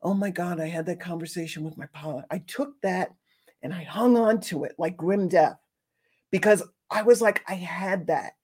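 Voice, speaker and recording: A woman's voice: fairly low pitch, normal speed, darkish tone, breathy edge. A woman hosting a show, talking earnestly and ramblingly about grief and grounding, restarting often and sometimes swearing. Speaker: host. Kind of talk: casual spiritual talk.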